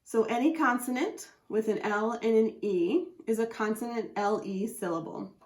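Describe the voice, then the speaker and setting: A woman's voice: a little high, normal speed. A woman teaching a phonics lesson, patiently sounding out letters and syllables as she explains a chart. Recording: echoey room.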